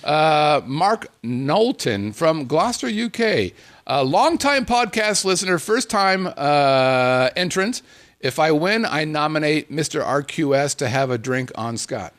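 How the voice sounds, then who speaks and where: Lively man hosting a podcast. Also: a little high, unhurried. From Las Vegas area. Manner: animated, self-deprecating, laughs easily. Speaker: podcast host. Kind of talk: casual podcast chat, reading listener emails.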